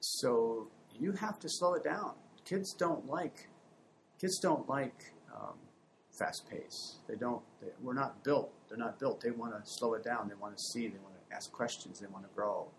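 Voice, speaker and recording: A man's voice: medium pitch, measured pace, creaky, low-quality recording. Man, parenting coach, conversational, acts out voices, light background noise. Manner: animated storytelling, acts out family voices. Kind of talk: conversational advice.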